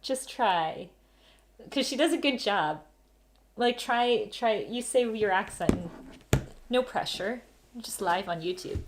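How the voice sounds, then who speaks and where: A woman from Canada hosting a casual family live stream, chatty and quick to laugh, with plenty of "like". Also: mid-range voice, expressive, a little hiss or hum. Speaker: host. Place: home during lockdown.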